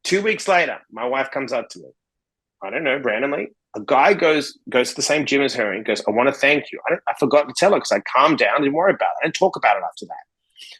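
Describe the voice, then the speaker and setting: A man, a podcast guest telling stories in a casual, animated way and acting out both sides of the dialogue. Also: medium pitch, fast talker, slightly rough, low-quality recording. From Australia. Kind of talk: casual storytelling in a podcast interview.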